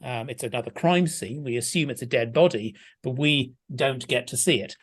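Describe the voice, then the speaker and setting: A man's voice: medium pitch, moderate pace, breathy edge. A man guest discussing a film in a casual podcast chat, thoughtful and hesitant with frequent restarts.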